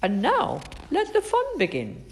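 A woman's voice: high voice, wildly swooping pitch, a little slow, big-room sound, pitched above the performer's own voice, exaggerated voice. A woman voicing the man in the moon, a courteous host in a storybook. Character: very high, polite old man on the moon.

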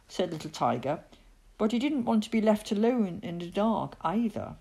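A woman reading a children's picture book aloud, expressive and dramatic with pauses. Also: medium pitch, gravelly, breathy edge. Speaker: storyteller.

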